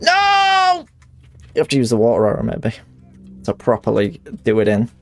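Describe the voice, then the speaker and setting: A male streamer giving live commentary on a game, swearing, laughing and reacting loudly. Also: lowish voice, fairly even intonation, quick pace, soft background music.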